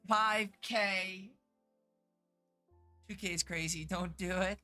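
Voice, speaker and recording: A woman's voice: mid-range voice, fairly even intonation, slow pace, sharp tone, soft background music. A woman game streamer chatting casually on a live stream, swearing freely and answering her chat.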